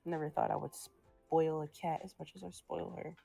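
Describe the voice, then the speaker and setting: A woman's voice: deep voice, little pitch movement, normal speed, gravelly, warm tone, breathy edge, faint music behind. Chatty young woman cooing at her cat. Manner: chatty, coos to her cat in a sing-song voice. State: short of breath while recovering. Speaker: artist streaming a drawing session. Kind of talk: casual chat.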